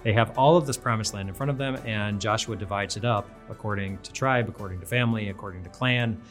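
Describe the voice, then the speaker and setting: A man with a fairly low voice preaches a daily devotional in an earnest, conversational way. He often restarts his phrases as he goes. Soft music plays faintly behind him. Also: fast talker. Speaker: pastor. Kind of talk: devotional sermon.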